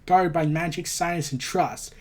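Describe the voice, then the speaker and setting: A firm, commanding warrior woman from a comic book, read out by a man. The voice is pitched a little high and speaks plainly and steadily. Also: measured pace, a little mellow. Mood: solemn.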